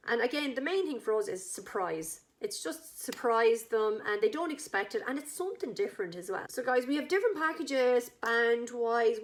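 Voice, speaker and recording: An Irish woman chatting enthusiastically, pitching her wedding act to a couple and acting out the characters' lines. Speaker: wedding entertainment business owner. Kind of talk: casual sales pitch to a couple.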